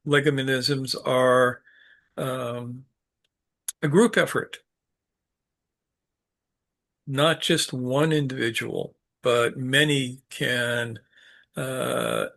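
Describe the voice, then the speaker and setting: Man teaching, slow delivery, gravelly voice, halting with fillers, dry humor. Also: mid-range voice, bright, forceful tone. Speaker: speaker leading a study group talk. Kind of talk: unscripted teaching talk.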